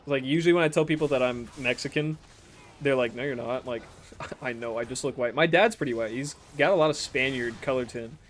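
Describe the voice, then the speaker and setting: A man's voice: medium pitch, brisk. Rambling young American man streamer. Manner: rambling, laughs often, swears casually. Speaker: game streamer. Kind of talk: casual chat while reading viewer messages.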